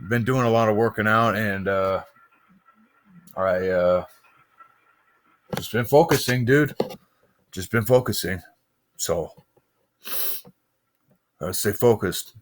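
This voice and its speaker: A man's voice: lowish voice, a bit bright. A man casually commenting on his own gameplay for viewers, trash-talking the enemies in a loose, joking way. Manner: addresses viewers directly.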